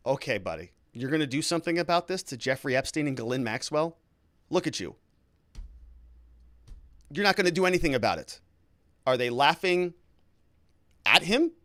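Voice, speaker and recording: Guy doing legal commentary on a trial, lively swooping voice, bit high, super dry close mic. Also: moderate pace, pauses often, dry recording. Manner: animated, incredulous, acts out questions.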